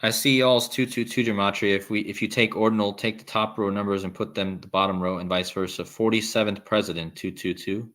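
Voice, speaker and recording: Male livestream host, low-pitched, loose and rambling, reads chat. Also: steady tone, fairly quick, few pauses, fairly bright tone. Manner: rambling, restarts, reads viewer comments aloud. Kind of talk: casual live-stream talk reading chat.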